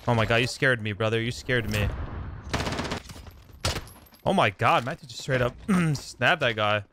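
A young man giving excited, casual commentary over his own shooter gameplay, often exclaiming and swearing at what happens in the match. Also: medium pitch, unhurried, noisy background. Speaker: gaming YouTuber.

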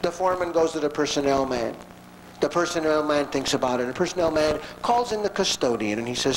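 Animated male lecturer telling a story. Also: fairly high pitch, fairly quick, a little hiss or hum, poor audio. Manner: animated, conversational, acts out quotes.

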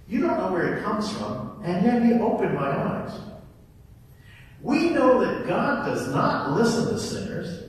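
Man playing a healed blind man, defiant and sarcastic, lively pitch, echoey hall from far off. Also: a little hiss or hum. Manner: pointed, sarcastic retorts.

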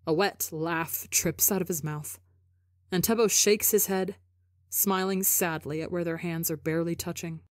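A woman narrating a fan fiction audiobook in a soft, measured storytelling manner. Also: on the low side, steady tone, no room sound, studio quality. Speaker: podcast reader.

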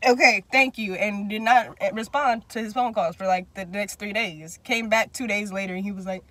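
A young man, the host, casually telling a long profane story, acting out quotes with big jumps in pitch. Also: normal speed, sharp tone. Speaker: vlog host.

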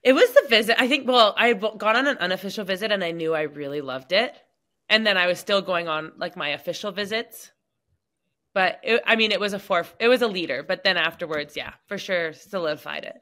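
A woman guest on a casual podcast, talking in a relaxed, chatty way with lots of "like" fillers. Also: medium pitch, fairly quick. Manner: relaxed, chatty, many "like" fillers, laughs easily. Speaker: guest, professional hockey player. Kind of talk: casual interview chat.

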